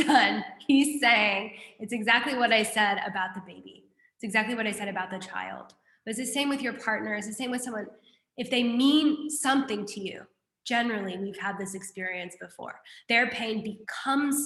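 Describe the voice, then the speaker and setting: A woman teaching a class, explaining a Buddhist text in a lively, conversational way and putting questions to her students. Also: a little high, moderate pace, roomy sound.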